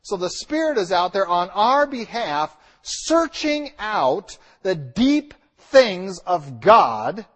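A male preacher with a high voice delivers a sermon straight to the congregation. He talks directly and emphatically, slowing down and leaning hard on the words he wants to stick. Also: very animated, a bit bright. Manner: emphatic, repeats key lines with slow stressed words. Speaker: pastor.

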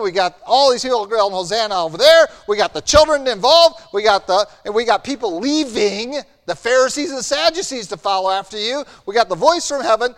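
A man preaching a sermon as pastor, earnest and building to animated emphasis. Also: very high-pitched. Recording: long hall reverb.

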